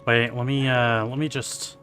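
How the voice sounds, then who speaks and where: A man's voice: mid-range voice, flat delivery, measured pace, music in the background. A man playing a video game on stream, chatting casually with his viewers. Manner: chatty, talks to viewers, laughs. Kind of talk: casual let's-play commentary.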